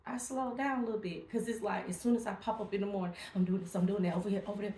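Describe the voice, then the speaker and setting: A woman's voice: mid-range voice, steady tone, racing, dark tone, roomy sound, a little hiss or hum. A woman vlogger talking casually and emphatically to her viewers, encouraging them. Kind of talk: casual direct-to-camera talk.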